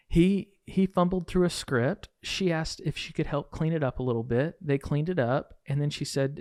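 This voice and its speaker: A man hosting a podcast, telling a coaching story in a lively way and acting out the quoted dialogue. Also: on the high side, normal speed, hardly any pauses, dry recording, studio quality. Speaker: podcast host and real estate coach.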